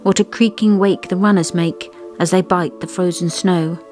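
A woman, co-host of a craft and history show, reciting verses of an old poem in a measured way. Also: lowish voice, steady tone, darkish tone, soft background music. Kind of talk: reading a poem aloud.

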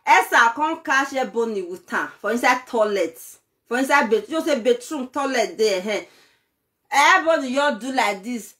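A woman with a Nigerian accent, telling gossip in a casual vlog and excitedly pleading with her viewers for details. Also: sits high. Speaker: vlogger.

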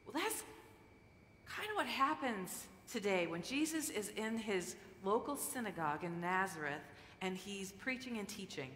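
A woman's voice: medium pitch, big pitch swings, moderate pace, a bit bright, a little hiss or hum. A woman pastor leading prayer and then giving a playful, coaxing children's message during a church service. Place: church sanctuary. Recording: echoey church hall with long reverb.

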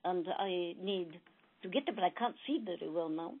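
A woman's voice: lowish voice, moderate pace, husky. A woman voicing a small, timid but determined male mouse in a storybook tale, speaking earnestly and with wonder. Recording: tinny phone-like recording.

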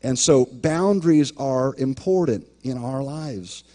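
A man's voice: mid-range voice, slow, mellow. A man preaching a sermon as pastor, emphatic, often repeating words and acting out imagined voices.

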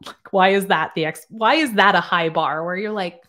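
Sarcastic chatty woman, lowish voice. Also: normal speed, fairly bright tone. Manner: sarcastic, chatty, many fillers. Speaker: nurse practitioner commentator. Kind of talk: casual reaction-video commentary.

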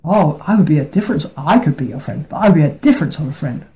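Give me a timid middle-sized billy goat, played by a man, mellow tone. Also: a little high, expressive, rapid-fire, pitched below the performer's own voice, rough recording. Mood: pleading.

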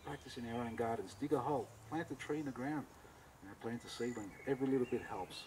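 A man's voice: mid-range voice, quick pace, background noise. An Australian man, a cooking teacher giving a talk, tells a story with animation and acts out both sides of a conversation.

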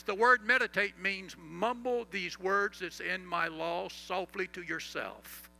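Bright, gravelly-voiced preaching man. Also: high-pitched, poor audio. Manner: preaching with call-and-response and recited scripture; drops to soft, slow tones for emphasis. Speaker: pastor. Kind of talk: sermon.

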